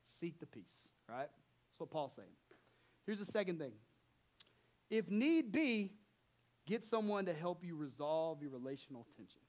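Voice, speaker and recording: A man's voice: fairly high pitch, expressive, moderate pace, a little mellow. A man preaching a sermon as pastor, conversational, often asking the congregation questions and acting out his own thoughts, sometimes dropping to a near whisper.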